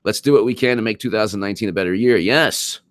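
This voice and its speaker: A man with a low, deep voice runs a political live stream, speaking emphatically and often repeating his points. He stops to answer viewer comments. The sound is dry and close, with no room echo. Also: fast talker. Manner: emphatic, repeats himself, reads super chats aloud.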